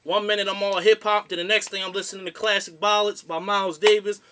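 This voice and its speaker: A man's voice: high-pitched, level tone, quick pace, sharp tone. A young man hosting a boxing show, giving a casual, slangy, rambling rant.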